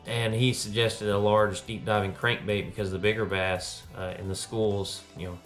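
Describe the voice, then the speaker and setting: A man with a fairly low voice talks through his fishing day from a kayak out on a lake, casual and a little out of breath at times. He chats in a relaxed vlog style, and music plays clearly behind him. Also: moderate pace. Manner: excited outbursts when catching fish. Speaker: fishing vlogger.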